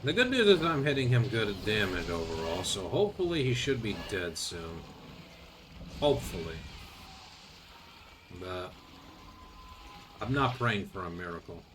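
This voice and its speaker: A man's voice: on the low side, sing-song, unhurried, pauses often, noisy background. A man streaming a video game, commenting casually with sarcastic grumbles and mild swearing.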